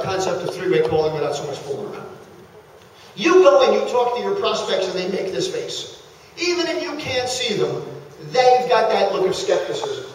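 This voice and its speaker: A man in his fifties with a New Jersey accent, giving an animated, joking stage presentation as a speaker at a network marketing event. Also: sits high, slight background noise. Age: 50s. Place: large conference hall. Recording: echoey hall, mic far off.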